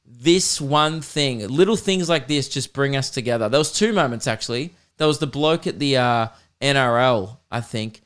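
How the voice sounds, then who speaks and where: Smooth-voiced Australian man rambling jokily. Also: mid-range voice, moderate pace, few pauses, a bit bright. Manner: rambling, joking, swearing freely. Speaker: podcast host. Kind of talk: casual comedic chat.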